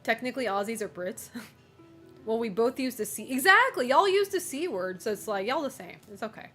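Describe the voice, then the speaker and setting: Laughing, teasing streamer woman, fairly high voice. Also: animated, a little fast, sharp tone, slightly rough, faint music behind. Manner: teasing, laughs often, swears freely. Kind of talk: casual chat reading and answering live chat.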